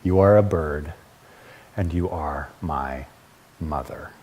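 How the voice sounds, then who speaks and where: A man's voice: a bass voice, takes it slowly, a little mellow, a little hiss or hum, voice pushed down. A man reading as a lost baby bird. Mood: tender. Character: small lost baby bird, innocent and searching. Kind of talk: storybook read-aloud in a sermon.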